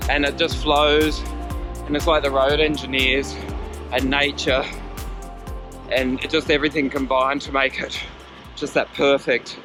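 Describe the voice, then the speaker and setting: A cycling vlogger chats to camera while riding a road bike through traffic, his speech chatty, rambling and self-deprecating. His medium-pitched voice is flat and a little slow, with frequent pauses. The audio is poor, with wind hitting the bike-mounted camera's mic and music playing behind him.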